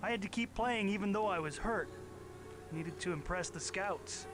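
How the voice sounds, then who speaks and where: Guy voicing a young football jock in a game, high voice, blunt, game music under it. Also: moderate pace, close to an everyday voice. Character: young male high school football player.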